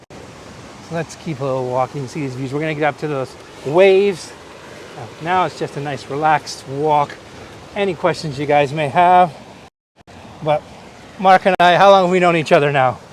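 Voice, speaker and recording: A man raised in Canada hosts a live-streamed coastal walking tour, chatting easily and pointing out sights to viewers. His voice sits a little high. Faint outdoor noise runs behind him. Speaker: host.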